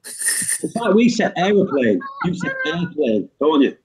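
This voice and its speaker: British man, playful, bouncy high-ish voice. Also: wildly swooping pitch, measured pace, rough recording. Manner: playful, jokey. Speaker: chat participant. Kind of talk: casual group chat.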